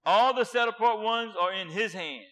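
A man preaching a sermon with passion, dropping to a hush and then rising loud, repeating words for emphasis. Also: high-pitched, normal speed. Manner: impassioned, swinging from hushed to loud.

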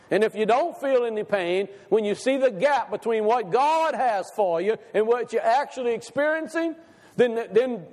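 A man's voice: sits high, a little mellow, long reverb tail. A male pastor preaching a sermon, asking the congregation question after question and repeating phrases for emphasis. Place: church sanctuary.

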